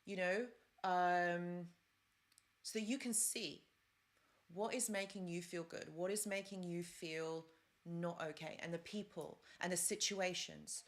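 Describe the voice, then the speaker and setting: Woman, live-stream host, lowish voice, chatty advice with rambling asides. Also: fairly even intonation, a little slow. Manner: chatty, rambling, with fillers and side stories.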